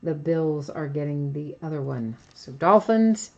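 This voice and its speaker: Chatty woman host with dry asides, lower voice, muffled lo-fi recording. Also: lively intonation, measured pace, vocal fry, darkish tone, a little hiss or hum. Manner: chatty, dryly sarcastic asides. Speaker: card break host. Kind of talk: casual live commentary. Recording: dull lo-fi home recording.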